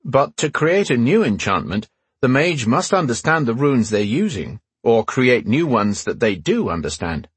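A man reading an audiobook, voicing a defiant young male wizard with a breathy, raised voice. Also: mid-range voice, very animated, moderate pace, no echo. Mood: explaining. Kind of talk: audiobook character voice.

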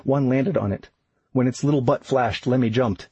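A man narrating an audiobook in an even, unhurried storytelling manner. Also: medium pitch, slightly rough, no room sound, rough recording.

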